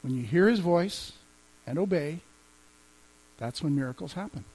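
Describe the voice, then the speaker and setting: A man's voice: on the high side, expressive, moderate pace, a little mellow, slightly rough, poor audio. A man teaching as a pastor, speaking conversationally, quoting scripture and chuckling now and then. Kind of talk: teaching on healing and faith.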